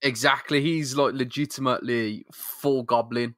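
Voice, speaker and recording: A man's voice: mid-range voice, steady tone, moderate pace, a bit bright, no room sound, studio quality. A man co-hosting a podcast, trading slangy, laughing banter about a comic. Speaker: podcast co-host. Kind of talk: casual comic chat.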